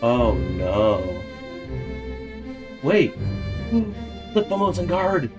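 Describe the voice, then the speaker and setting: Excitable man thinking aloud over a game. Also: medium pitch, very slow, dull audio, over music. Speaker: gaming video host. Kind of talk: casual game commentary.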